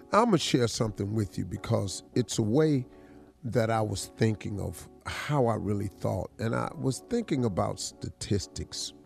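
Guy hosting a morning radio show, kinda raspy and fry-y, chill slang talk in the studio. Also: medium pitch, darkish tone. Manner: laid-back and slangy, often says "dog" and "man". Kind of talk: casual storytelling chat and motivational talk.

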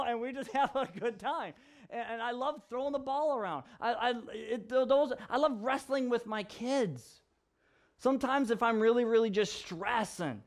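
A middle-aged man pastor talking casually in a vlog, joking and laughing often as he explains. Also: high voice. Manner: chatty, jokey, laughs often. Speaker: pastor and professor. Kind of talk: casual devotional vlog talk.

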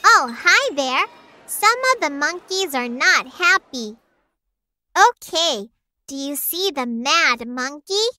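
A woman narrating a scripted children's listening track in a cheerful, slow, encouraging way. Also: sits high, expressive, sharp tone, dry recording.

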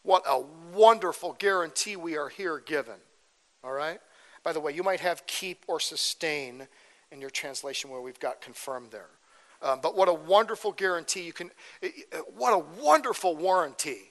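A man's voice: fairly high pitch, moderate pace, fairly bright tone, big-room sound. A man preaching a verse-by-verse sermon as pastor, conversational, often checking in with "okay?" and "right?". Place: church sanctuary.

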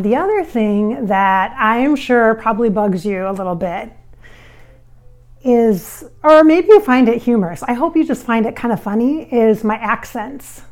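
A woman from the American Midwest who channels spirits, talking casually to camera on a microphone about viewer comments, chatty and reassuring with fillers and restarts. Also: fairly high pitch. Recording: recorded on a microphone.

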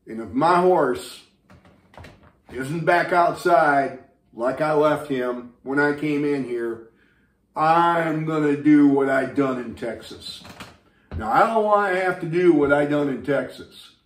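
Man putting on a gruff old cowboy, drawling threats, a bit raised, roomy sound. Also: a little high, slow. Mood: threatening. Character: tough old male cowboy, menacing.

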